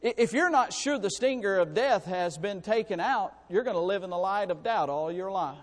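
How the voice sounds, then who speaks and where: A man preaching a sermon to his congregation, in a folksy, animated way with calls for amens. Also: high-pitched, moderate pace. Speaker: pastor. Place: church sanctuary. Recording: long reverb in a church hall.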